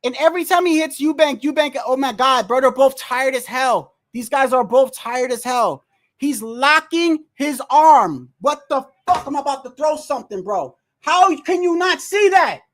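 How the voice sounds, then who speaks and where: A man hosting a livestream, reacting to a boxing match with animated, profane, exasperated commentary. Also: very high voice, moderate pace. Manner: animated, profane, exasperated, often says bro. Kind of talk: excited live reaction commentary.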